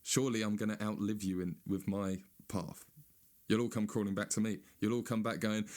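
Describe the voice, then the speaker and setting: A man with a fairly low voice, ranting in a stand-up monologue. He swears freely and sounds sarcastic, and now and then he mocks other people in a high whiny voice. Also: little pitch movement, brisk, darkish tone.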